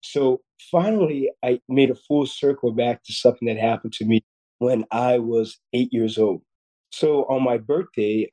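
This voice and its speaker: This guest surgeon, a man in his fifties, has a medium-pitched, warm voice on a rough recording. Telling a personal story on a podcast, he comes across as earnest and frequently repeats words as he goes.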